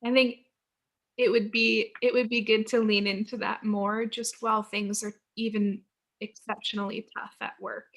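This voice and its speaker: A woman's voice: on the high side, flat delivery, moderate pace, a bit bright. A woman coaching a group on a video call, affirming and encouraging members.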